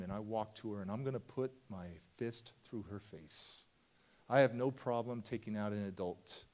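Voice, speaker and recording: A motivational speaker telling a personal story at a conference, acting out the people in it and swinging between hushed and loud. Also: male voice, fairly low pitch. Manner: acts out voices of people in his story, swings from hushed to shouting. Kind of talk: dramatic storytelling keynote. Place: large conference hall.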